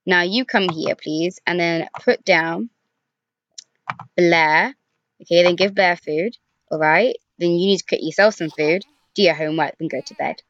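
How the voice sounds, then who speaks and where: A woman's voice: on the low side, unhurried, fairly bright tone, dry recording, muffled recording. Chatty woman narrating a life sim. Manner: chatty, talks to the game characters, frequent sighs and groans. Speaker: gaming YouTuber. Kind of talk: casual let's-play commentary. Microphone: desk microphone.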